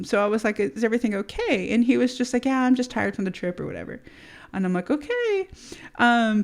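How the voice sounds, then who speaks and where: A woman's voice: mid-range voice, gravelly. Casual storyteller host, female, swears freely, loose rambling delivery. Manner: rambling, frequent swearing and restarts. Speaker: podcast host.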